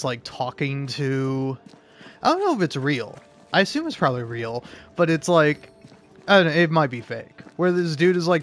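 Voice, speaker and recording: A man's voice: mid-range voice, fairly bright tone. A man giving casual gameplay commentary, rambling and swearing a lot, laughing often as he builds into mock outrage. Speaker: gaming video creator.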